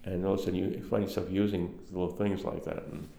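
Telling rambling, anecdotal stories for an oral history interview, this older man from Brooklyn speaks with a Brooklyn accent and many fillers. His deep, warm voice has vocal fry, a level tone and a fast pace. The sound is roomy.

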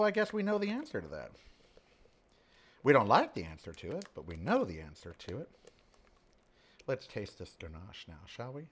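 Working away in his kitchen, this sixty-something host of a casual home cooking show chats and drops sassy, opinionated remarks. His voice sits on the high side, swings widely in pitch, and moves fairly quickly.

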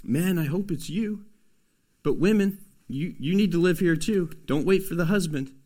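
A man preaching a sermon as a pastor, swinging from loud, emphatic pushes to soft, hushed asides. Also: sits high, normal speed.

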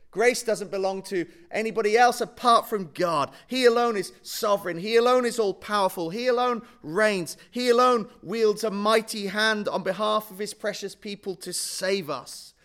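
A man preaching a sermon, swinging between booming emphasis and hushed, slowed-down words. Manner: slows and stretches key words for emphasis.

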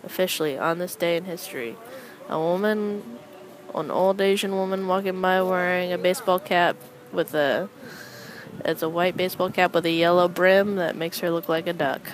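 A young adult woman hosting a casual solo chat, rambling with wry, deadpan asides as she comments on people passing by. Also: lowish voice, moderate pace, rough recording. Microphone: close microphone.

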